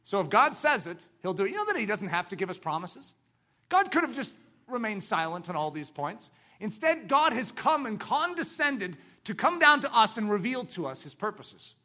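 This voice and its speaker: In his sermon, a man with a high voice speaks at a moderate pace and performs the quoted voices from the story with animation. He keeps asking the congregation rhetorical questions.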